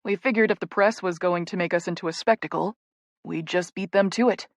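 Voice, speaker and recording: A woman narrator voicing a confident young male hockey player in an audiobook, teasing and steady. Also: high-pitched, a little fast, no room sound, clean studio sound.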